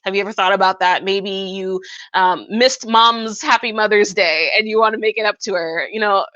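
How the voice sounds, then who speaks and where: A chatty woman with a bright, sharp voice hosts a live-stream tarot reading, calling her viewers "hun" as she talks through the cards. The sound is dry and close, with slightly dull, lo-fi phone audio. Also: medium pitch, fairly even intonation, normal speed, no echo. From Arkansas, US. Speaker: tarot reader hosting a live session.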